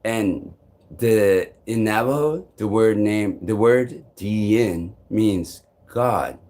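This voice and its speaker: Restless and rambling, a man vlogs on a live stream, cursing frequently and switching between loud outbursts and quiet muttering. He speaks at a slow pace.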